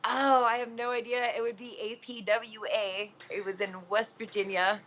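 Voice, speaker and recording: A woman wrestler being interviewed, telling a story in a loose, animated way with plenty of "um" and "like" fillers. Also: a little high, moderate pace, a little hiss or hum. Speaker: wrestler guest. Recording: dull lo-fi recording.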